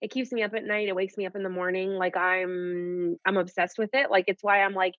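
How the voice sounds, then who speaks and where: A young woman and nurse, telling her story in a casual, animated way and saying "like" often. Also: mid-range voice, brisk, dry recording. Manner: animated, peppers speech with "like". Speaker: nurse guest. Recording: dull lo-fi audio.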